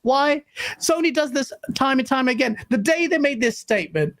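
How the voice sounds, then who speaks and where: A woman hosting a live gaming stream, reading viewer messages and ranting excitedly. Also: sits high, normal speed. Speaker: host.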